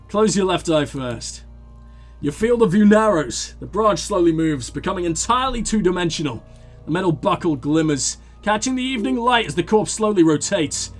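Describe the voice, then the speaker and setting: A man's voice: high voice, expressive, normal speed, faint music behind. A man hosting a game playthrough, reading the game's text aloud with commentary, stumbling and correcting himself as he goes. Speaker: let's play host.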